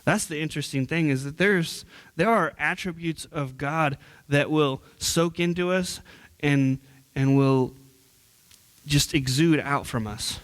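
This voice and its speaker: In a sermon, a young youth minister speaks earnestly and casually, with repeated words and restarted sentences throughout. The voice is a bit high and a bit bright, and his pace is measured.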